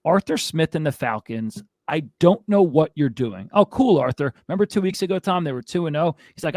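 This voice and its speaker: Male fantasy football host, exasperated rant, slightly high pitch, dry close sound. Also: animated, fairly quick, hardly any pauses, a little mellow, no room sound. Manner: ranting, exasperated. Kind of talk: casual sports commentary.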